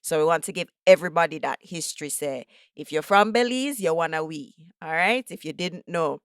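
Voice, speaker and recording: A woman's voice: low voice, animated, fairly quick, clean tone, no echo, studio quality. A woman from Jamaica with a Jamaican accent, hosting a podcast as an upbeat, teasing interviewer. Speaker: podcast host. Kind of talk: casual podcast chat.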